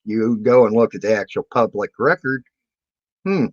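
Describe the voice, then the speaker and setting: A man's voice: on the low side, lively intonation, normal speed, dry recording, highs cut off. A man speaking casually to his viewers in a rambling, defensive way, full of fillers and restarts. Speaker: video maker answering his community.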